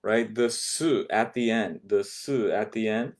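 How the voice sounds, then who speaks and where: A man's voice: fairly low pitch, a little slow. A man teaching an online Japanese class, patiently repeating words and checking in with "okay?" after each point.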